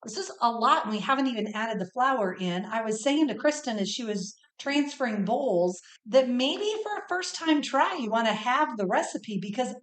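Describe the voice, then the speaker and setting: A woman's voice: on the high side, expressive, moderate pace, hardly any pauses. A woman, co-hosting a casual cooking chat in a playful, teasing way. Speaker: co-host. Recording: echoey kitchen.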